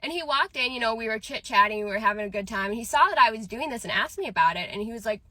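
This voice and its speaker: A woman's voice: fairly high pitch, animated, very fast, sharp tone, no echo. A woman in her twenties ranting casually to camera, frank and emphatic, firing off questions. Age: 20s. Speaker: vlogger.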